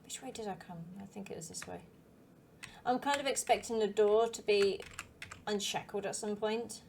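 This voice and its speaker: A woman's voice: mid-range voice, fairly even intonation, moderate pace, gravelly, a little mellow, a little hiss or hum. A woman hosting a gaming channel, talking through a story game in a thoughtful, speculative way. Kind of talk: game commentary.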